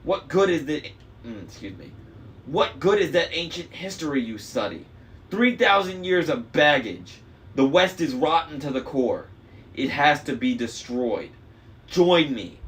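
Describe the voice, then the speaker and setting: A man voicing a smug young male traitor demigod, smooth, mocking and persuasive. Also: fairly high pitch, sing-song, measured pace, fairly bright tone, pitched above the performer's own voice. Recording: faint noise, slightly distant mic.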